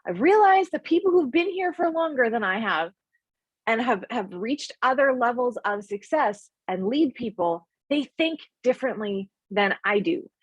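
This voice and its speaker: A woman's voice: a little high, lively intonation, normal speed, husky, no room sound, muffled recording. A woman hosting a leadership study call, talking in a chatty way with many restarts and fillers. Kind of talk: casual group discussion.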